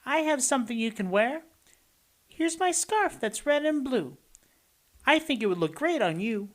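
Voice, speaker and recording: A man's voice: extremely high pitch, lively intonation, moderate pace, a bit bright, pitched above the performer's own voice. A man voicing an eager little child who offers clothes, while reading a picture book aloud. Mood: eager, cheerful.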